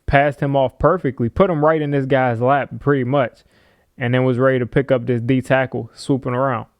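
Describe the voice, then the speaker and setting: Animated man breaking down football film. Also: medium pitch, brisk, no room sound, muffled recording. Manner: animated, playful trash-talk asides with chuckles. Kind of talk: casual film breakdown commentary.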